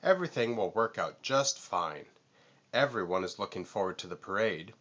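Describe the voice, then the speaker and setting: A man voicing a calm, confident male lion in a storybook read-aloud, easygoing and reassuring. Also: lowish voice, normal speed, lo-fi sound.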